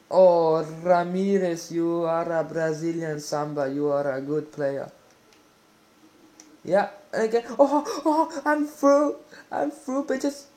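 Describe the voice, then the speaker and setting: A man giving live commentary while playing a football video game, exclaiming and swearing excitedly at the action. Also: a little high.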